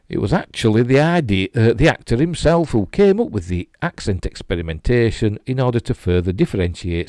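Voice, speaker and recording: A man's voice: fairly low pitch, warm tone, no room sound. Yorkshire man reading geek news. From Yorkshire, England. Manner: dry jokey asides, chuckles.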